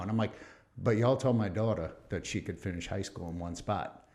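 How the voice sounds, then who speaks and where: A middle-aged American man with a fairly low voice tells stories on a podcast. He is animated and acts out the other people in his tales. He laughs often. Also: a little fast. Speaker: podcast guest. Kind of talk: casual storytelling chat.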